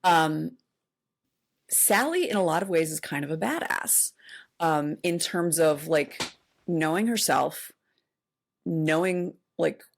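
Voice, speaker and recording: A woman in her forties with a low voice and a gravelly fry talks casually as a podcast co-host. She recaps a movie in loose, animated retelling, full of "like" and "uh" and restarted phrases. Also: slow pace, pauses often. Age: 40s. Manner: animated retelling with many fillers. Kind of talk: casual chat.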